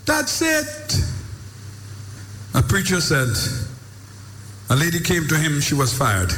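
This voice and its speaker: High-voiced man preaching motivation. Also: lively intonation, moderate pace, fairly bright tone, reverberant, big-room sound, slight background noise. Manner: preacher-like, emphatic, swings between booming and low. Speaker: motivational speaker. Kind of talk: motivational speech.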